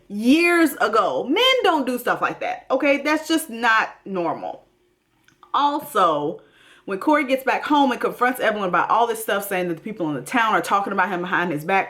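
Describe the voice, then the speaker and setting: A woman with a medium pitch and fairly bright tone hosts a TV recap. Her casual commentary is blunt and emphatic, addressed straight to her viewers.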